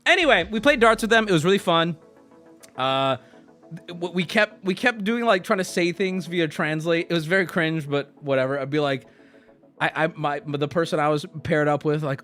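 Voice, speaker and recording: A man streaming to his chat, telling a travel story in a lively way and jumping into squeaky put-on voices for the people he quotes. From United States. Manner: lively, swings into high squeaky voices when quoting people.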